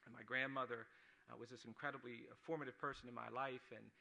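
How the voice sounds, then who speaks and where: Man giving a heartfelt dinner speech, sharp intense voice, mid pitch, lots of repetition. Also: little pitch movement, quick pace, creaky. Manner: earnest, builds through repeated phrases. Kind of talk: personal storytelling speech. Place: awards dinner, speaking to an audience.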